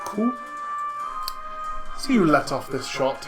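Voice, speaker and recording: A man narrates a tabletop game as its dungeon master, rambling cheerfully through fillers and laughs. His voice sits a little high for a man, with soft music faintly underneath. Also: moderate pace, pauses often. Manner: chatty, with lots of fillers and laughs.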